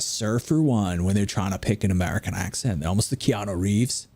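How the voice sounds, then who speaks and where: A man's voice: lowish voice, a little fast, darkish tone, no room sound. A man, rambling and chatting with viewers during casual gameplay commentary at home late at night. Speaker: gaming video creator.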